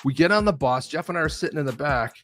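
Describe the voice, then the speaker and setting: A man's voice: fairly high pitch, animated, quick pace, fairly bright tone, faint music behind. A man co-hosting a casual live-stream chat over a video call. He tells loose, profane stories and acts out other people's lines as he goes. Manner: profane, loose bar-talk banter. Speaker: stream co-host.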